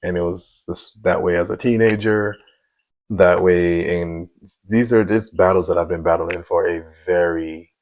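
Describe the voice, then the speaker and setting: A man's voice: sits low, fairly even intonation, measured pace, darkish tone, low-quality recording. A man in his thirties giving a candid personal faith testimony, earnest and confessional, with many "you know" asides. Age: 30s.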